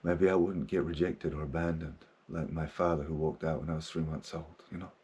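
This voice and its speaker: A man's voice: rumbling low, steady tone, a little fast, dark tone, husky. A man in his thirties, a podcast host and therapist, talking candidly in a casual monologue, swearing often and laughing as he goes.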